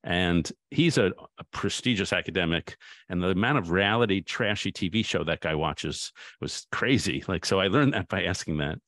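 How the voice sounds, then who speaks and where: A man's voice: low-pitched, animated, normal speed, a bit bright, dry recording, clean studio sound. A man, a guest author, in a reflective conversation, thoughtful and anecdotal, often restarting his sentences.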